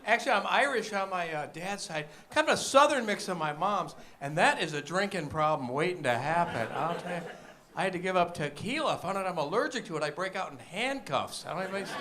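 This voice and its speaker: A stand-up comedian man from the Detroit area delivering deadpan one-liners with wry asides. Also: a little high, noisy background. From Michigan, Detroit area.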